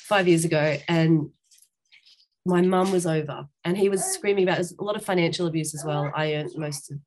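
A woman's voice: low-pitched, brisk, crowd noise. A woman, a guest on an interview show, candidly telling a personal story in a frank, rambling way with many restarts.

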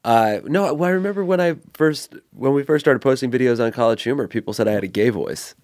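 A man's voice: mid-range voice, fast, darkish tone, no room sound, clean studio sound. A man co-hosting a comedy podcast, chatting casually with a rambling, self-deprecating manner. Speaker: podcast co-host. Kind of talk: casual chat.

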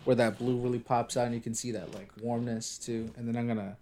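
A playful man co-hosting a relaxed podcast, talking easily with his partner and addressing listeners directly. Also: fast, a crowd in the background. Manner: playful, jumps up in pitch for announcements. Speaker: podcast co-host. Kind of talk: casual banter.

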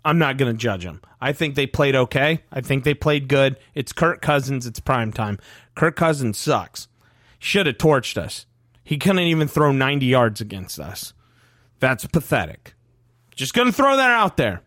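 A man's voice: medium pitch, very animated, normal speed, fairly bright tone, no room sound, studio quality. A male podcast host ranting emphatically and swearing, fired up in heated sports talk.

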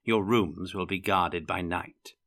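A man's voice: sits low, fairly even intonation, takes it slowly, gravelly, a bit bright, exaggerated voice. A man reading as a genial ghost-loving prince. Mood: relishing. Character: male prince, genial, relishes ghost stories.

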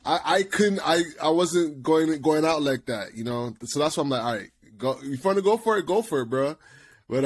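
A man co-hosting a podcast in casual chat. He tells stories with lots of laughter and repeated words, and he acts out quotes loudly. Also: a little high. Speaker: podcast co-host.

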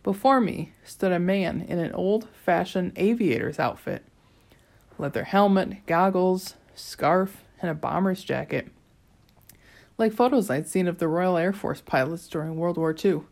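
A woman's voice: on the low side, unhurried, creaky, a little mellow. A woman reading an audiobook chapter aloud, telling it in the first person with a dry, wry tone. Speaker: audiobook narrator. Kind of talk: scripted narration.

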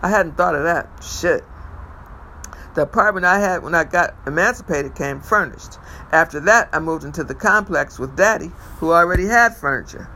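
A man reads a first-person novel aloud, steady and measured, now and then tripping over a word and restarting. His voice is bright and fairly high for a man. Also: slight background noise, poor audio. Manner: measured first-person storytelling with occasional stumbles. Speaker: reader.

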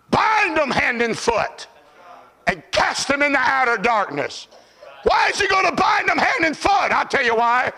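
An older man preaching a fiery revival sermon, shouting high and then dropping to low murmurs.

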